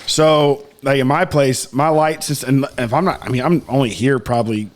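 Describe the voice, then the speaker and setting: A man's voice: mid-range voice, moderate pace. A young man co-hosting a podcast, telling stories in casual chat and rambling through his thoughts with lots of fillers. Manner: rambling, lots of "like" and quoted asides. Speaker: podcast co-host.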